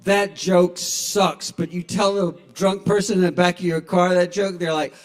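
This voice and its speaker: A man's voice: high voice, flat delivery, moderate pace. A man in his sixties doing a stand-up comedy set in a small bar, telling wry, profane stories into a stage microphone. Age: 60s.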